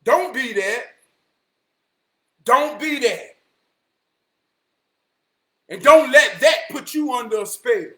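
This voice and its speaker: This man's impassioned, preachy speech moves slowly, with long pauses, and his intonation stays lively. He shifts from shouting to muttering under his breath, repeats lines for emphasis, and curses a lot.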